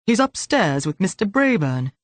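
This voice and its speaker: A woman's voice: mid-range voice, very animated, moderate pace, no room sound, lightly acted. Woman doing a big, kindly policeman.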